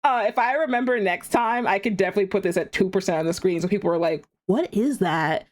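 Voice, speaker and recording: A woman's voice: medium pitch, fairly even intonation, quick pace. A young woman streaming a game, chatting casually and animatedly, laughing often and talking to herself. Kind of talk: casual live-stream chat.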